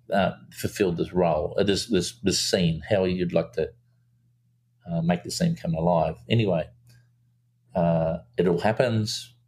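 Gravelly man, a director guest, rambling animated anecdotes. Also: low-pitched. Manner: animated storyteller, acts out quotes in a raised voice, many fillers and restarts. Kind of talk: casual storytelling interview.

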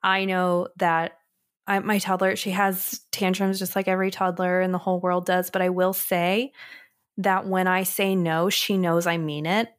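A woman's voice: lowish voice, level tone, moderate pace. A woman in her thirties, a mother co-hosting a parenting podcast, speaking earnestly in repeated, list-like phrases. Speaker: podcast co-host. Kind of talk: casual parenting podcast chat.

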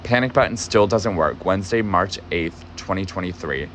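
A man's voice: deep voice, animated, normal speed, fairly bright tone, slight background noise. Agitated, cursing young man. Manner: agitated, profane, emphatic. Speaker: podcast host, former barista. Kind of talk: casual storytelling.

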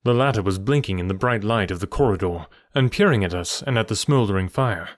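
Steady male audiobook narrator. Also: on the low side, fairly quick, no echo, clean studio sound. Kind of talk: scripted narration of a classic detective story.

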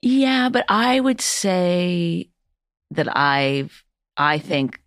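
Comedian guest, lowish woman's voice, blunt and salty, dry close mic. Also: very slow, no echo. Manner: blunt, profane and animated storytelling. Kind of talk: casual podcast chat.

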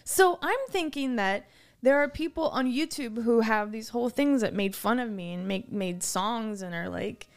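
A woman's voice: on the high side, moderate pace. A young woman in casual podcast chat, telling a story with lots of laughing and reading messages aloud. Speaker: guest.

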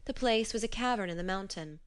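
A woman narrating a myth in a measured storybook reading, slowing on key phrases. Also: medium pitch.

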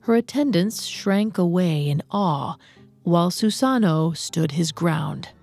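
A woman narrating a myth in a measured, even storytelling manner. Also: lowish voice, vocal fry, faint music behind.

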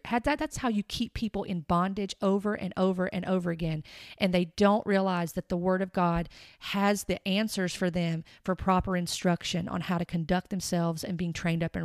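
A woman in her thirties giving an earnest, emphatic Bible teaching, slowing down to stress her points. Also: on the low side, steady tone, no room sound, clean studio sound. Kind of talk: podcast-style teaching monologue.

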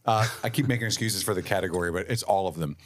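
A man's voice: deep voice, quick pace. A man co-hosting a casual podcast chat, joking and making fun of himself. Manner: joking, self-deprecating. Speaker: podcast co-host.

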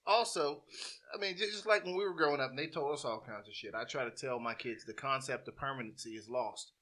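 A man's voice: mid-range voice, fast talker, pushed and bright. A middle-aged man in casual chat, crude and joking.

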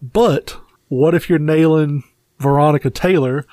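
Crude, joking podcast co-host. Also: male voice, on the high side, measured pace, warm tone, no room sound. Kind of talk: casual chat.

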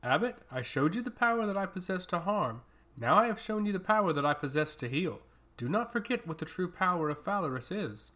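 A woman's voice: on the low side, animated, a little fast, a bit bright. A man voicing a powerful female nature mage who speaks in a cold, taunting and commanding way. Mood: stern.

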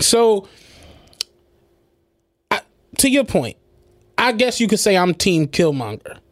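A man co-hosting a podcast, telling animated stories in casual, profane chat and acting out what people said. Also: sits high, slow, long pauses, dry recording. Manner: animated storytelling, profane, acts out quotes. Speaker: podcast co-host.

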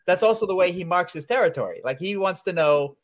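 A man's voice: high voice, lively intonation, fast talker. A man talking as a guest in a casual chat, blunt and anecdotal, often chuckling. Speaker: comics publisher guest.

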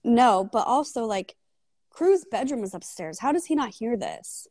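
A woman's voice: a little high, very animated, a little mellow, dry recording, studio quality. Blunt, casual woman co-host. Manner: casual and blunt, quick plot recaps, swears. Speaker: podcast co-host. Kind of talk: casual book discussion.

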